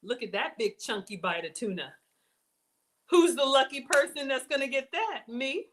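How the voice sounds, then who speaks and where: A woman's voice: high voice, normal speed, noisy background. Bubbly woman hosting a cooking demo. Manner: bubbly, excitable, chatty, addresses viewers as y'all. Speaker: cooking show host. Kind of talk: casual cooking demonstration.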